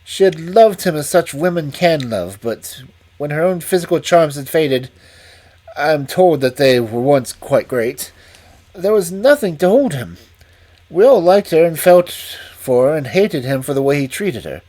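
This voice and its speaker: A man's voice: fairly high pitch, big pitch swings, a little slow, warm tone. A man reading aloud and voicing a nervous, frightened male estate manager who speaks in urgent, breathless bursts.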